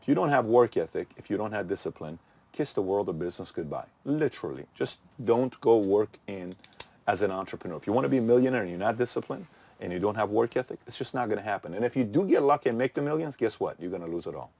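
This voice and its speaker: A man's voice: fairly low pitch, lively intonation, fast, creaky, a little mellow. A middle-aged man hosting his channel, giving a punchy motivational talk full of rhetorical questions that he answers himself. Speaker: channel host.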